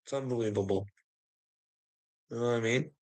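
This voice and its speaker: A man's voice: mid-range voice, a little fast, low-quality recording. A man holds forth in a casual livestream rant, his voice sitting in a plain middle register. He swears constantly and rambles from one grievance to the next, exasperated and talking straight at his viewers. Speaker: streamer ranting to viewers.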